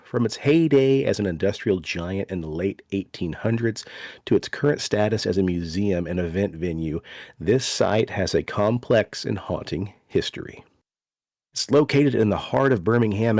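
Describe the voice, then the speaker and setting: Podcast host: a man with a lowish voice, relaxed and chatty, on a dry, close mic. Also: no room sound. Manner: loose and chatty, swears casually. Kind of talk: casual podcast chat.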